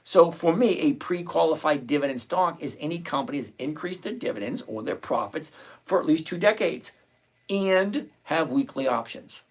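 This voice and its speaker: Hosting a trading livestream, a man speaks at a normal pace in a slightly high, expressive, husky voice. He answers the chat, reads comments aloud, and drives his points home by forcefully repeating them in a lecturing manner.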